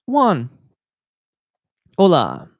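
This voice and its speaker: Male voice coach for live Q&A: gravelly, dry close sound, explanatory, technical, lots of ums. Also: high-pitched, wildly swooping pitch, very slow, no room sound. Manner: explanatory, technical, many filler words. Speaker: voice teacher. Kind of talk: live-stream Q&A, reading chat questions aloud.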